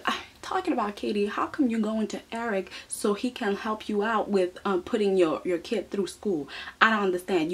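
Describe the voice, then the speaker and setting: A woman giving sassy, animated commentary as she reviews a soap opera, often tossing in a rhetorical "okay?" and laughing. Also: a little high, husky. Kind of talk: casual commentary.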